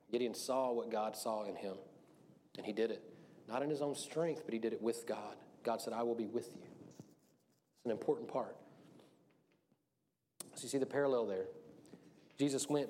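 Chatty preacher man, low mellow voice. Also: a little hiss or hum. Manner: chatty, laughs often, acts out quotes. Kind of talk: casual sermon.

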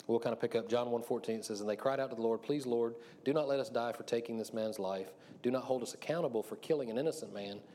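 A man's voice: fairly low pitch, warm tone, slight background noise. A man preaching a casual sermon, chatty and laughing often as he acts out the quotes.

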